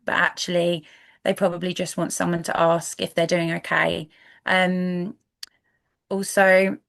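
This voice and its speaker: A woman with a Brighton accent, a guest coach in a podcast interview, speaking softly and hesitantly with many fillers. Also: lowish voice, creaky. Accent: Brighton English. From England.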